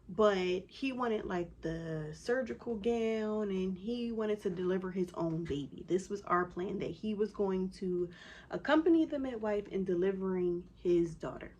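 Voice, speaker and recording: A woman's voice: medium pitch, lo-fi sound. Chatty woman telling a story. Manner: animated, lots of "like" fillers. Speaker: vlogger. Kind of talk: casual storytelling.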